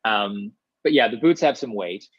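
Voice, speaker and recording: A man from small-town Ontario, Canada, an actor chatting in a casual interview, talking in a lively, rambling way with many restarts. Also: lowish voice, no echo. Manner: chatty, animated, many restarts, quick asides. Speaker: actor guest. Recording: dull, dry lo-fi sound.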